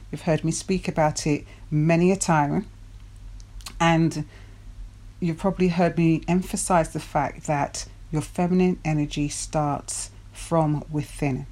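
A woman's voice: low-pitched, dark tone. A woman coach giving a motivational talk to her viewers, posing rhetorical questions and repeating key words for emphasis. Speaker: dating and self-development coach.

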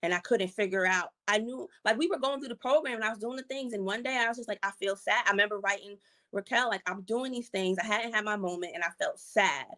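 A woman guest telling a personal story in a conversational interview, acting out what others said in lively casual speech. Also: mid-range voice, fast. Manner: animated storyteller, acts out quotes in casual slang. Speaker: program participant, guest.

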